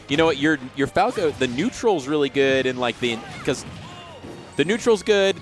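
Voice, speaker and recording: A male esports commentator with a very lively, swinging delivery, calling a match in a relaxed back-and-forth with his partner. Music plays clearly under his voice throughout the stream. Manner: lively, animated, jumps in pitch when excited. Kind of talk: casual play-by-play commentary.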